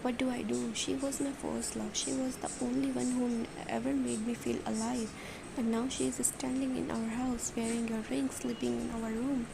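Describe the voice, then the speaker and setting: A woman reading the lines of a grieving young widower in a low, broken, whispering way, with a noisy recording behind. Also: flat delivery, fairly quick, gravelly.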